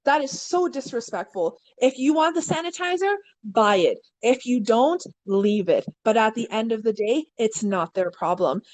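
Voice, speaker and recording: A woman guest on a podcast, telling a story in casual chat, animated and blunt, acting out quotes and swearing freely. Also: moderate pace, hardly any pauses, no echo, rough recording. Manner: animated, acts out quotes with big pitch swings.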